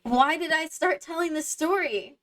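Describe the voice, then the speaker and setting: A woman's voice: high-pitched, moderate pace, fairly bright tone. A young woman chatting casually while playing a game, rambling and losing her train of thought, with lots of fillers. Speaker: streamer. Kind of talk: casual chat while gaming. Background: faint game music.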